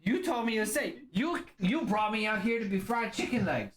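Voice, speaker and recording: A man's voice: high voice, animated, moderate pace, a bit bright, pitched above the performer's own voice. A man voicing a cowardly little frog-man captive who whines and pleads frantically in a tabletop game. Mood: accusing. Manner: whiny, pleading, rising into frantic shrieks.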